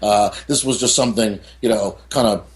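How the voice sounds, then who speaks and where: A middle-aged American man with a lowish voice speaks at a moderate pace. He's an author appearing as an interview guest, telling candid stories full of "you know" and "I mean" asides.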